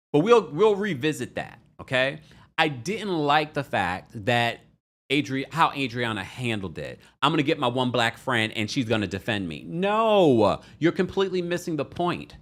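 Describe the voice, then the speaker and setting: Hosting a live reality-TV recap, a man chats casually, laughing often and repeating himself. His voice is medium in pitch with a fairly bright tone.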